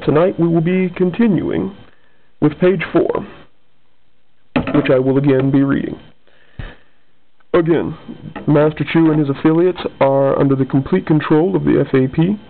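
Man reading his own comic, casual, rambling asides, fairly high, tinny phone-like sound. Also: creaky. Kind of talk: casual comic read-aloud.

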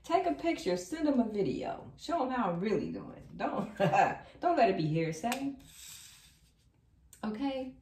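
A woman's voice: on the high side, big pitch swings, unhurried, a little mellow, a little hiss or hum. A woman doing a casual tarot reading for viewers. She talks in a sassy, emphatic way, repeats her lines and breaks into laughter. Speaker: tarot reader. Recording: roomy sound, distant from the mic.

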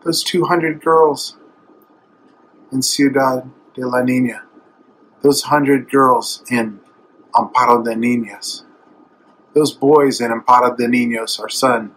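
A man's voice: medium pitch, steady tone, slow, long pauses, a bit bright, a little hiss or hum, low-quality recording. A middle-aged man preaching a sermon, speaking tenderly and with strong emotion that swells to emphatic. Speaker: evangelist.

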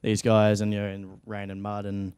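Young Australian actor telling rambling stories. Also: male voice, lowish voice, completely flat delivery, moderate pace, darkish tone, smooth, no room sound. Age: young adult. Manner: rambling storytelling, frequent fillers. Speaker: actor guest. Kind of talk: casual interview chat. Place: interview studio.

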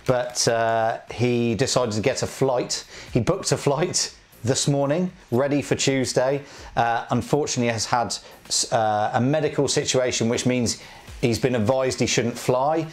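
Male co-host, medium-pitched, chatty and cheeky with a jokey edge. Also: normal speed. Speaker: co-host of a live prize draw. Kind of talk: casual live-stream chat.

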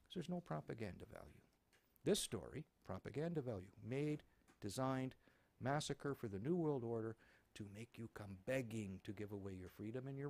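Brief: male host, sarcastic profane ranter, gravelly edge, swooping delivery. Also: medium pitch. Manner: animated, sarcastic, profane ranting. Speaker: talk show host. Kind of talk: ranting commentary.

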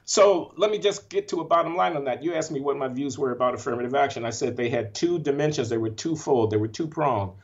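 A man's voice: medium pitch, quick pace, few pauses, muffled recording. An older man, an economics professor, answering interview questions emphatically, with building repetition and open feeling.

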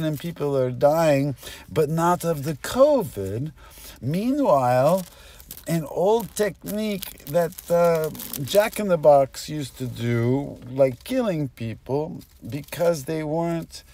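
A man's voice: mid-range voice, mellow, dry recording. A man delivering a rambling improvised comic monologue, jumping between topics and cutting himself off. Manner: rambling, jumps between topics, self-interrupting. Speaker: comedic monologuist.

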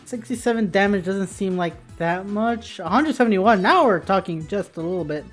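A woman playing a video game, giving casual commentary in an excitable way, swearing freely. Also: mid-range voice, moderate pace, faint music behind. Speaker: let's play gamer.

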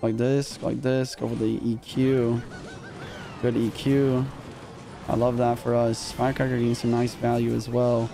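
A young man commentating his own live gameplay in casual slang, excitable and quick to yelp when rattled. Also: mid-range voice, creaky, background noise. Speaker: gaming streamer. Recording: music underneath.

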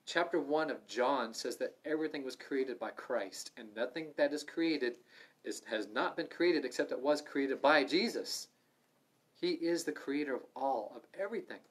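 A man's voice: mid-range voice, breathy edge. Fervent man leading a Bible study, mid-range voice, punchy emphasis. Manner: fervent, emphatic preaching with sudden loud stresses. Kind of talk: livestreamed Bible study preaching. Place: room in an assisted living home.

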